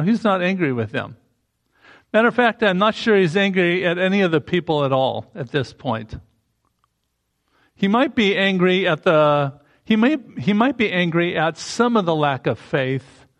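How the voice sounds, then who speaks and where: A man's voice: fairly high pitch, gravelly. A man preaching a sermon in a conversational way, breaking into emphatic rising bursts.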